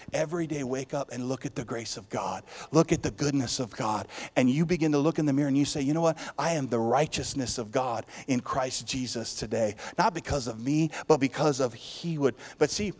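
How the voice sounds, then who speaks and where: A man preaching a sermon as pastor to his church, swinging between loud declarations and hushed, soft passages. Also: medium pitch, big-room sound.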